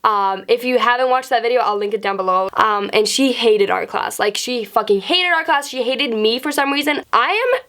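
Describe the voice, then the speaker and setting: Young woman vlogger, slightly high pitch, casual storytime, swears freely. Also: moderate pace. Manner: chatty, profane, animated.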